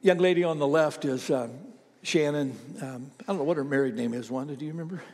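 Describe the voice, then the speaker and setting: Pastor preaching in an echoing hall. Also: male voice, a little high, fast, darkish tone. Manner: conversational storytelling, with hesitant fillers. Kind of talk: sermon.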